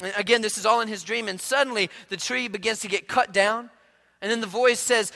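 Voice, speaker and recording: A male pastor with an unusually high, bright, ringing voice, telling a story in a loose, conversational way and often repeating his words. His voice carries a long hall reverb, as if he is preaching in a large church. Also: brisk, creaky. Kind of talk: sermon.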